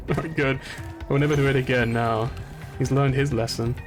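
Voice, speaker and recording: A man's voice: medium pitch, moderate pace, over music. A man from England streaming a video game, rambling through stories and laughing often. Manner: rambling and animated, laughs often, many restarts. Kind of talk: casual gaming commentary.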